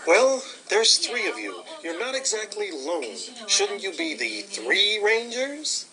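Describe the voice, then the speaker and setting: The narrator doing a sarcastic skeptic who picks apart a silly name with dry, needling questions. The voice drops below the narrator's usual pitch and sounds a step away from the mic. Its pitch swings widely through the sarcasm. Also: wildly swooping pitch, takes it slowly, over music, full character voice, rough recording. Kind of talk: comic skit voice.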